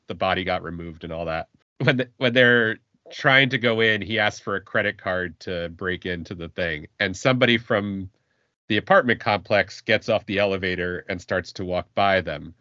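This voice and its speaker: A man's voice: sits low, moderate pace, bright, forceful tone, no echo. A man co-hosting a casual podcast, laughing often and repeating words as he thinks aloud. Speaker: podcast co-host. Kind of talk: casual chat. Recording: dry, dull lo-fi sound.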